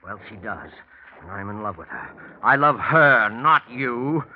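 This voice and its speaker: A cold, scheming killer in a vintage radio thriller, curt and irritable at first, then calm and menacing. His mid-pitched voice swings widely in pitch. It comes through a dull, hissy old broadcast recording. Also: a little slow. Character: cold, scheming man planning a murder. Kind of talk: 1940s radio acting.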